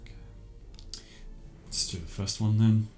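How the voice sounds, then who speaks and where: A man's voice: fairly low pitch, fairly even intonation, a little slow, mellow, reverberant, soft background music. A man giving casual commentary while showing games, thinking aloud with many ums.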